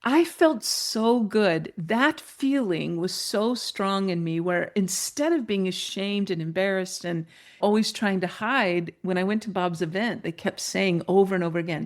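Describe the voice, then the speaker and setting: A woman guest, a mentor and coach, telling a personal story in an interview, animated and laughing, her pitch jumping up when she gets excited. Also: unhurried.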